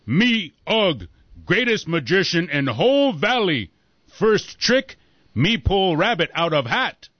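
A man's voice: high-pitched, very animated, slow, no echo, heavily acted. Ugg, a man doing a bumbling caveman magician. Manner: broken caveman grammar, fumbling. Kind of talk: comedy sketch. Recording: dull lo-fi recording.

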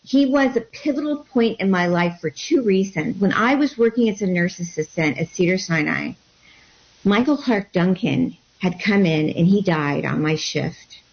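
Woman, lower voice, candid personal storytelling, halting with fillers, dull lo-fi recording. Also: animated, gravelly. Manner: halting, with many fillers and restarts. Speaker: guest telling her story of becoming a healer.

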